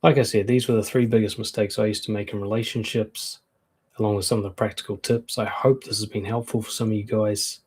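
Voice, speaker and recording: A man's voice: on the low side, little pitch movement, brisk, darkish tone, breathy edge. A man coaching on relationships in a live-streamed talk, frank and conversational, acting out quoted comebacks.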